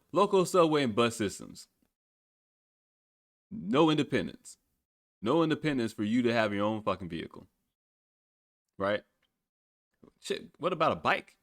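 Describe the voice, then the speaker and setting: A young American man hosts a solo political podcast in a mid-range, fairly bright voice. The studio recording is clean and dry, and he's sarcastic and profane, often breaking into laughter.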